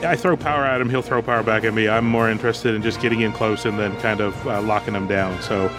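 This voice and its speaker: A man's voice: lowish voice, fairly even intonation, fast talker, music in the background. A man playing a tabletop game, planning his moves aloud in a hesitant way with many fillers. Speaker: player. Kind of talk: casual tabletop play.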